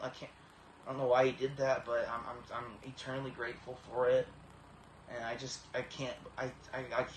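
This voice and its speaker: Man, 30s, emotional testimony, halting and earnest, near tears, flat delivery; echoey room, faint hiss. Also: mid-range voice. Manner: halting, many repeated starts, earnest. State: tearful, emotional. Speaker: vlogger.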